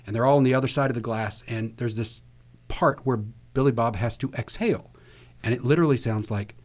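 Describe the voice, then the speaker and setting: A man's voice: mid-range voice, brisk. A man from Virginia, a podcast host and voice actor, telling anecdotes in casual chat and acting out the quotes he tells. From Virginia, US South. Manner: animated anecdote teller, acts out quotes.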